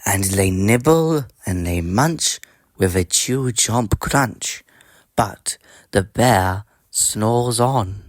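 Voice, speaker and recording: A man reading a picture book aloud as a slow bedtime story, lilting and rhythmic, drawing out the refrains. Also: lowish voice, no echo. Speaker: storybook reader.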